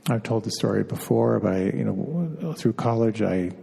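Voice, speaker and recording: A middle-aged man, a meditation teacher, giving an unhurried spiritual talk, pausing and repeating words as he goes. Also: lowish voice, expressive, gravelly, warm tone, breathy edge. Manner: unhurried, halting, often repeats words as he searches. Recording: long reverb of a hall.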